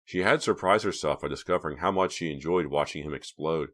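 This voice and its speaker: A man narrating a teen thriller audiobook in an even, measured storytelling manner. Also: a bass voice.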